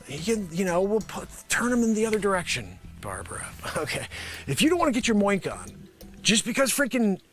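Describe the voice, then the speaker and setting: A man hosting a live improv comedy show, rambling through a pitchman bit and talking to an imagined panel, now and then bursting into shouts. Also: wildly swooping pitch, brisk, faint music behind.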